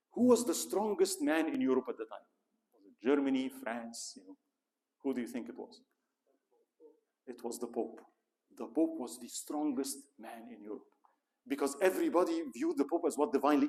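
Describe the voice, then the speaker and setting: A man teaching a history lecture in a mosque hall, telling the story vividly, acting out quoted speeches and asking the audience rhetorical questions. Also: medium pitch. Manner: animated storytelling, acts out quoted speeches in a raised dramatic voice.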